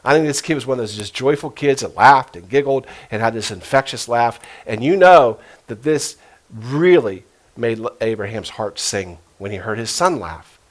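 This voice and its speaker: A middle-aged man preaching a sermon as a pastor, telling stories earnestly and dropping to a hush for quoted voices. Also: mid-range voice, normal speed. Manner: earnest storytelling, emotional retellings with hushed quoted voices.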